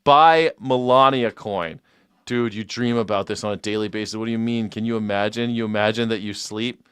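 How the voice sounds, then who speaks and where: A man's voice: on the low side, steady tone, normal speed, a bit bright, clear, resonant tone, dry recording. A man hosting a live stream, mocking in a sarcastic tone and laughing often.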